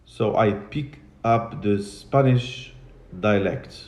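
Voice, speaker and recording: A man's voice: on the low side, moderate pace, dark tone. A man teaching English to a class, patiently repeating and spelling out words and switching into Arabic and French. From Morocco. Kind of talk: classroom lesson. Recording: echoey classroom.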